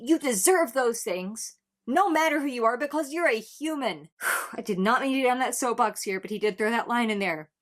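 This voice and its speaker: Impassioned woman reacting to a song. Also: medium pitch. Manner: impassioned, sarcastic at times, thinks aloud with restarts. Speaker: music reaction host. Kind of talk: casual reaction commentary.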